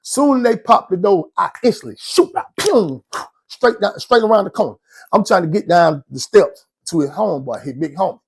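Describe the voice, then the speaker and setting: Atlanta guy spinning prison stories, husky voice on the higher side, animated and slangy. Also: moderate pace, no room sound. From Georgia. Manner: animated, slangy, laughs often between lines. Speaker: vlogger telling prison stories. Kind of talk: casual storytelling.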